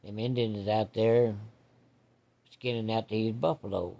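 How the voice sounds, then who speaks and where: Folksy man with a mellow voice, rambling. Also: fairly low pitch, steady tone, unhurried, gravelly. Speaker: storyteller. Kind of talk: casual spoken storytelling.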